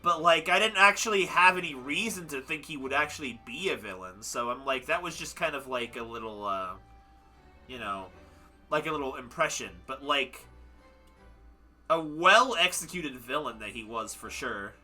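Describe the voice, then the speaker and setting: A man's voice: medium pitch, lively intonation, moderate pace, pushed and bright, faint music behind. A young man livestreaming, chatting casually and ramblingly about a game he just finished, sounding tired and self-deprecating. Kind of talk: casual chat wrapping up a game stream.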